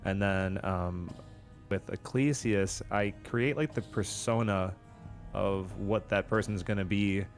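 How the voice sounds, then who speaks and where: A man in casual chat about tabletop role-playing, talking in an animated way and slipping into character voices. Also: on the low side, slow, soft background music. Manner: animated, slips into character voices mid-sentence. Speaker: podcast co-host and tabletop player.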